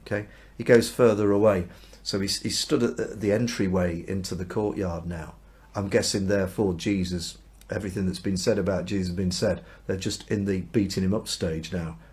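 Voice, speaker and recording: A man, a minister reading and explaining a Bible passage in a chatty, informal way, jumping into high, agitated voices for the people in the story. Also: fairly even intonation, moderate pace, darkish tone. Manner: acts out the voices of the story with sudden high outbursts; conversational and informal. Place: church or home during lockdown.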